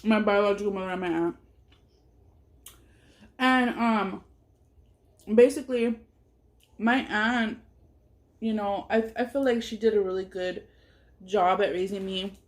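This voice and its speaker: With a mid-range voice, a measured pace and long pauses, this mother shares a personal story while eating for her mukbang channel. She speaks bluntly and emphatically, curses freely, and is candid and emotional about how she feels.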